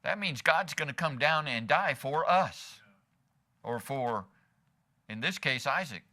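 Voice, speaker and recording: A man's voice: on the high side, lively intonation, unhurried, sharp tone. A man as pastor preaching a sermon in church, asking the congregation rhetorical questions and slipping in humor.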